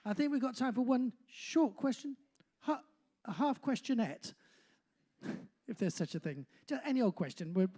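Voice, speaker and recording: An older compere in their sixties, from Bristol and with a faint accent from there, trades live banter on stage in a pub function room during a music night. The warm, medium-pitched voice is expressive and moderately paced, broken by long pauses, and the chat rambles and mocks itself with lots of "uh"s.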